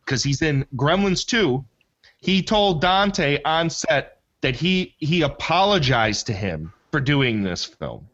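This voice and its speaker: A man's voice: fairly high pitch, very animated, slow, a bit bright, highs cut off. A man hosting a movie podcast in casual chat, rambling enthusiastically and often correcting himself mid-sentence. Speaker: podcast host.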